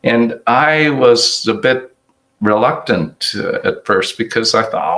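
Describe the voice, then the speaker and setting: An older man giving an award lecture with slides, reflective and halting, often restarting his sentences. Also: mid-range voice, a bit bright, poor audio.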